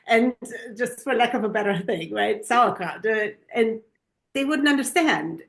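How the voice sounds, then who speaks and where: A woman's voice: fairly high pitch, moderate pace, creaky. A woman from Germany co-hosting a parenting podcast, chatting casually and telling stories with lots of ums. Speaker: podcast co-host.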